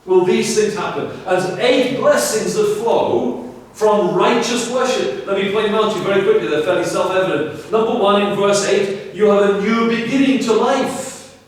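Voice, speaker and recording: A man with a high voice preaches at normal speed in a church sanctuary, sounding distant amid heavy echo. As pastor, he's earnest and forceful, confronting the audience with rhetorical questions.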